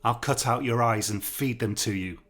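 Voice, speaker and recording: A man's voice: mid-range voice, moderate pace, fairly bright tone, natural voice. A man voicing a haughty, educated male prisoner who trades contemptuous, cutting insults.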